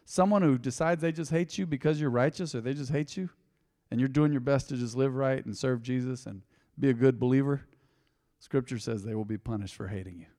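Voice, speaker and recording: Emphatic preacher with a reverberant sound. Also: male voice, mid-range voice, brisk. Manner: swings from emphatic to soft and reflective, talks to listeners directly. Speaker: pastor. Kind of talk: devotional Bible teaching.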